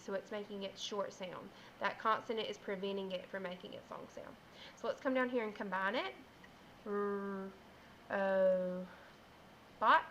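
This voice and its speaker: A woman teaching phonics to small children, her voice bright and forward. She stretches out the sounds and says each letter slowly and clearly. A faint hiss runs under the recording. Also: medium pitch, rough recording. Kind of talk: phonics lesson for young children.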